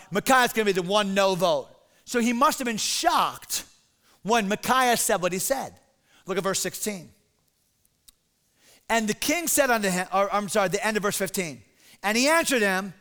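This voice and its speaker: High, bright-voiced animated preacher. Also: male voice, clean tone. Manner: animated, dramatic, conversational preaching. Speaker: pastor. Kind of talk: sermon.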